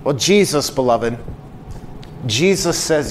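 A man's voice: on the high side, animated, unhurried, a little hiss or hum. A male pastor preaching an earnest sermon, building emphasis through repeated phrases and rhetorical questions.

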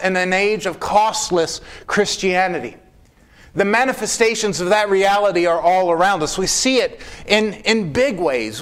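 Male preacher, light high voice, measured sermon delivery, slows for emphasis. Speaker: pastor.

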